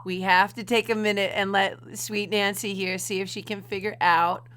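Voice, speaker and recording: A woman's voice: mid-range voice, flat delivery, moderate pace, fairly bright tone. A woman hosting a casual livestream from home, chatty and fumbling with her setup. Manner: chatty, giggly, fumbling with tech. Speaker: livestream host.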